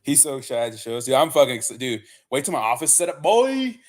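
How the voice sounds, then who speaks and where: Young male streamer, rambling, cussing, relaxed chat to viewers. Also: mid-range voice, fast talker. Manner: loose, profane, rambling with many fillers and "bro". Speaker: livestream host. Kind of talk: casual livestream chat reading viewer comments.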